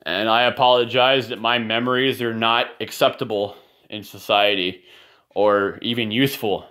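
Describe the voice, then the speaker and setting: Here the dad speaks at normal speed in a low, steady voice that sounds pushed and bright. Sitting at home in a room with a nightlight, he rambles casually to the camera, keeps saying sorry, and now and then curses and rants.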